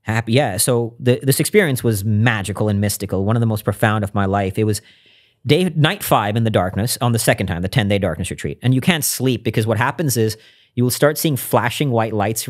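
A man's voice: lowish voice, fast. A man speaking as a podcast guest, telling a personal story in an earnest, reflective way with frequent restarts.

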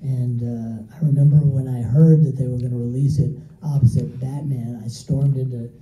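An older man, a screenwriter, tells lively anecdotes at a film Q&A and laughs easily. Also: mid-range voice, normal speed, lo-fi sound. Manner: animated storyteller who laughs easily. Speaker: screenwriter, panel guest. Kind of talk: storytelling Q&A anecdote. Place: movie theater stage. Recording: echoey theater, mic far off.

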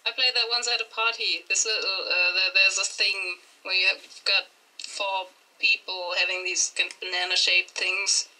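A woman's voice: mid-range voice, flat delivery, normal speed, sharp tone, poor audio. A woman speaking hesitantly and thoughtfully in a casual group discussion. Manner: hesitant, reflective. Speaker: discussion participant.

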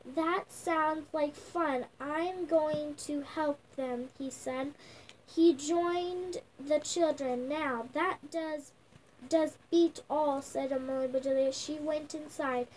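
A woman's voice: high-pitched, steady tone, slow pace, darkish tone, slight background noise, low-quality recording. A young girl reading a picture book aloud at home, sounding out words with restarts. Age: child. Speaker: young reader.

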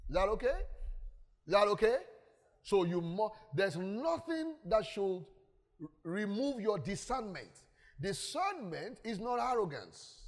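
A man, a pastor preaching a sermon, emphatic and often putting questions to the congregation. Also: sits high. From Nigeria. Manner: emphatic, asks the congregation questions, acts out stories. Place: church hall. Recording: long church hall reverb.

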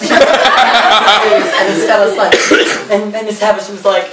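A man retells a stage play for laughs among friends, giggling as he fires off quoted lines. He sounds far from the camera in an echoey room, with loud noise all around him. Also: sits high. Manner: giggly, quoting lines in quick bursts. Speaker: cast member retelling a play. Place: cast party, indoors. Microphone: camera or phone held away.

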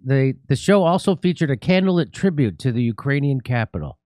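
A middle-aged man hosts a political talk show in a sarcastic, mocking tone. His deadpan jokes land in a dry, close studio sound with no room echo. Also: mid-range voice, fairly quick. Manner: mocking, deadpan jokes, laughs at own lines. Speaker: host.

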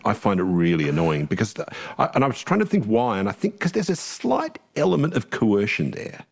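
Deep, lively male host. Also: fairly quick, gravelly. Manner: wry and opinionated, animated questions. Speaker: radio host. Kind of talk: conversational interview.

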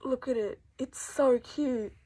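A teenage girl from Australia unboxing a mask, gushing and breathless, shaky with excitement and swearing often. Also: high voice, slow, noisy background. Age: teens.

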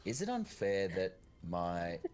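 Deep male voice actor, lively, easygoing banter. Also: slow pace, clean tone. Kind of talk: casual gameplay chat.

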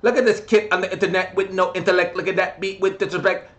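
A man's voice: sits high, monotone, moderate pace, fairly bright tone, pitched above the performer's own voice. A man impersonating a boastful male rapper who brags mechanically about his skills, like a robot. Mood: mocking.

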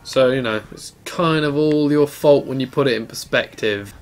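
A young man giving excited, sweary commentary on his gameplay and talking back to game characters. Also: medium pitch, normal speed, hardly any pauses, slight background noise. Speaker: gaming channel host.

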